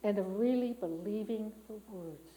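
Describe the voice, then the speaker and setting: In a church sanctuary, a middle-aged woman talks through a sermon in a candid, personal, conversational way, repeatedly restarting and using fillers. Her mid-range voice is warm and moderately paced. The audio is poor, with slight background noise.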